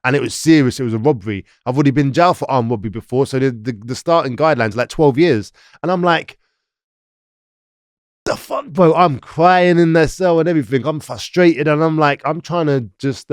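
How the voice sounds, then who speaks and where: A man with a London accent tells his story in an interview, voicing the people around him as he goes. The recording is close and dry, with no room sound. His pitch sits in the middle range. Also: smooth, no room sound. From London, England. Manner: animated, acts out other people's lines. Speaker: interview guest.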